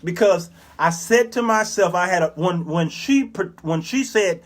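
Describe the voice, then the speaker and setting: A man in his fifties with a high-pitched voice for a man, hosting his own talk show. He tells stories in an animated, preacherly manner, dropping into the voices of the people he describes. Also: a little slow. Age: 50s. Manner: preacherly, animated, acts out characters. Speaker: show host. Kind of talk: commentary monologue with storytelling.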